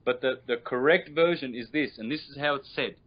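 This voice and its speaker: A man speaking as a guest teacher on a call, explaining patiently and drawing out sounds as he demonstrates them. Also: mid-range voice. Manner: patient and instructive, drawn-out demonstrated vowel sounds. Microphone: video call. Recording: lo-fi internet call audio.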